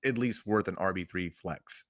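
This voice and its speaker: Dry-miked man giving measured sports advice. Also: sits low, no room sound. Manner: teasing, measured advice to listeners. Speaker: podcast co-host. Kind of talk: casual sports chat.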